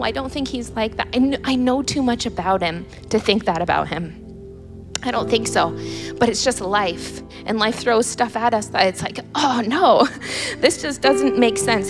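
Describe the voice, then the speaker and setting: A woman's voice: mid-range voice, creaky. A woman in her thirties telling a candid personal faith story. She laughs often and restarts her sentences. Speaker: guest sharing a personal story.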